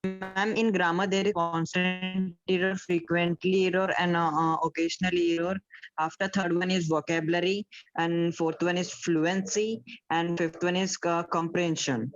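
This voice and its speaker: A man's voice: high-pitched, flat delivery, moderate pace, a bit bright, no echo, lo-fi sound, soft background music. A male student with an Indian English accent, hesitantly listing points in an online class. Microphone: online class, video call.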